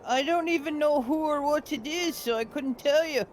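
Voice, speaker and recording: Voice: high-pitched, normal speed, soft background music. A player in a tabletop game who talks heatedly and swears a lot.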